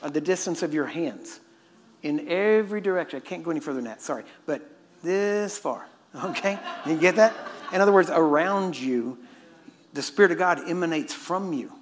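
A middle-aged preacher from Texas, delivering a sermon in a fast, joking, conversational way. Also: male voice, on the high side, animated, slight background noise. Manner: fast-talking and joking with the audience.

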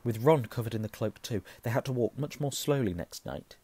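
A hoarse man reading a novel aloud, hushing at tense moments and correcting himself. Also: medium pitch, lively intonation, fairly quick, no echo. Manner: self-correcting, softening to a hush at tense moments. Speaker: reader.

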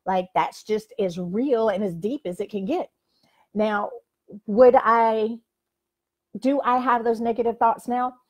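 Talking straight to the camera, an older woman who coaches people gives an emphatic, no-nonsense pep talk full of "like." Her voice is a little high with a darkish tone, and she speaks slowly.

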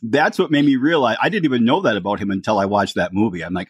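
A man's voice: on the low side, quick pace, few pauses, husky, no echo. A man hosting a podcast, chatting casually and repeating words as he goes. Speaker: podcast host. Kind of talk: casual interview chat.

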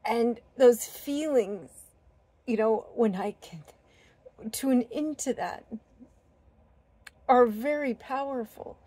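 A woman vlogger sharing a heartfelt spiritual talk, earnest and gentle, with many fillers and restarts. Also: a little high, takes it slowly, long pauses, no echo. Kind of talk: heartfelt personal talk to camera.

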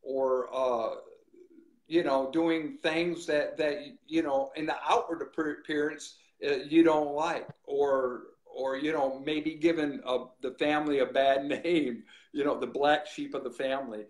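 Man, minister telling a testimony, somewhat high voice, echoey room. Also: a little slow. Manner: animated, acts out quoted voices. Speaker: guest minister. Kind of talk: testimony storytelling.

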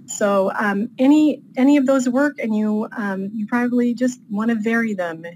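A woman's voice: a little high, moderate pace, darkish tone, slight background noise, rough recording. A woman author talking through writing tips in a casual interview, chatty and loose, with many fillers. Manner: chatty, with frequent fillers and light laughs. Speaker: author guest.

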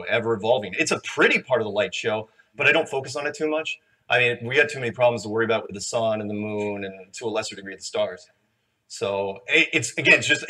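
A man at a conference fields questions from the audience, talking loosely and joking with the crowd. His voice is bright and forceful, at a middle pitch. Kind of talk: live Q&A. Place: conference hall.

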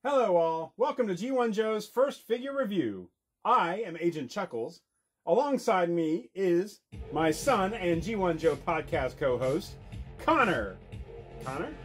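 A man's voice: high-pitched, expressive, a little slow, soft background music. A father and podcast co-host hosting a comic skit and figure review, with a playful, exasperated delivery.

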